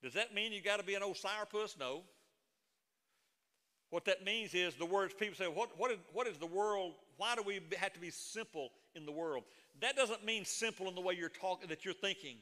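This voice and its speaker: A man's voice: high voice, normal speed, bright, forceful tone, in a large hall. A middle-aged man preaching a sermon as a pastor, moving between folksy stories and emphatic proclamation.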